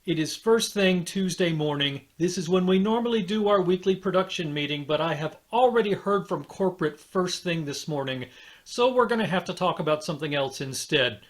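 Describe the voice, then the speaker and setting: A man's voice: sits high, expressive, brisk. A man playing an exasperated boss, lecturing his staff in a scripted comedy rant. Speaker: boss scolding the cast.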